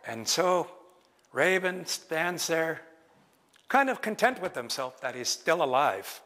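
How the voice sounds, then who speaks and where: A man telling a traditional story live in a lecture hall, slow and expressive, acting out each character. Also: a little high. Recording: long reverb of a lecture hall.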